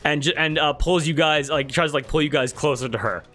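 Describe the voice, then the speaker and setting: A man with a bright, slightly high voice narrates a tabletop game as its game master. He talks loosely, with plenty of "like" and "uh", and quiet music plays behind him. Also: fairly quick. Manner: chatty, many fillers, voices characters in quotes.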